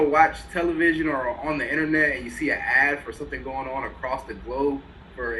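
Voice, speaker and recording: A man's voice: medium pitch, pushed and bright, a little hiss or hum, rough recording. A man co-hosting a sports talk show in casual chat, blunt and profane, laughing as he makes his points. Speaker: podcast co-host.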